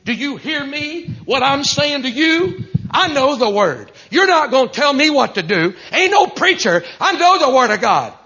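Dude doing a cocky preacher who won't take correction, high and loud, husky, lo-fi. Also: male voice, sing-song, moderate pace, heavily acted. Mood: defiant boasting. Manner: defiant, boastful, bossy. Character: arrogant, cocky male preacher who answers to no one. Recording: dull lo-fi recording.

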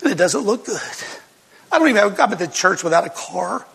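A man's voice: sits high, very animated, a little fast, vocal fry, a bit bright, long reverb tail, a little hiss or hum. An older man, a pastor, telling a personal testimony to his congregation as an emotional storyteller who laughs between lines.

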